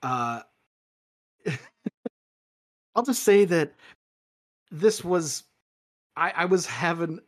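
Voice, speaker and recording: A man's voice: fairly high pitch, very slow, long pauses. Rambling man telling a story. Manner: rambling, restarts often, animated when retelling. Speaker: podcast co-host. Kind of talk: casual chat, storytelling.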